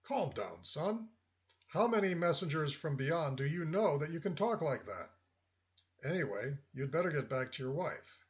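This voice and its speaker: A man's voice: fairly high pitch, very animated, normal speed. A man voicing a suave, condescending older man with a walking stick, who speaks in a friendly but patronizing way, in a lo-fi recording. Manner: friendly yet patronizing, calls listener "son". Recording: dull lo-fi audio.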